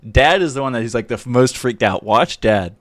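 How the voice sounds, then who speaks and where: A man hosting a live stream, giving an animated, mocking, profane running commentary on a video. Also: mid-range voice, fairly quick, no echo.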